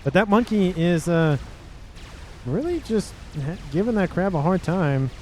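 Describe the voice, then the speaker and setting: A man's voice: high-pitched, very animated, measured pace, darkish tone, a little hiss or hum. A man casting a strategy game match in a casual, chatty way, joking, laughing and repeating phrases for emphasis. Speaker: game commentator.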